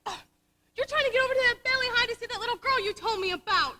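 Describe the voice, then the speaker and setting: A woman's voice: very high-pitched, lively intonation, moderate pace, bright, forceful tone, exaggerated voice, low-quality recording. A teenage girl acting as an emotional young Navy nurse in a school musical on stage, pleading and stammering. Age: late teens. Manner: breathless, emotional, stammering pleas. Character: young female Navy nurse, bubbly yet torn. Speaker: student actor in a school musical.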